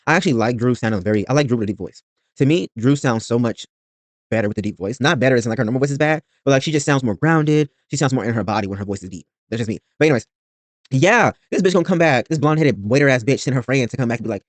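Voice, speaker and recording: Guy ranting about a reality show episode, rambling and blunt, talks fast. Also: medium pitch, animated, no room sound. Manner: rambling, blunt, profane commentary. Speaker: reaction video host. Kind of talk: casual reality-show recap.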